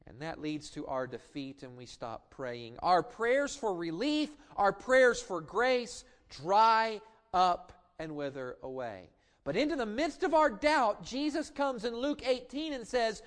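A middle-aged pastor with a strikingly high male voice preaches a very animated, impassioned sermon. He draws key lines out slowly for emphasis, then drops suddenly into soft, quiet asides. As he builds, he sometimes stumbles and restarts with a stammer.

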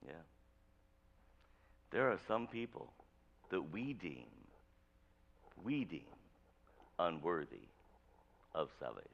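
A man's voice: low voice, sing-song, slow pace, long pauses, lo-fi sound. A male pastor preaching a sermon in a conversational, jokey way, with many restarts.

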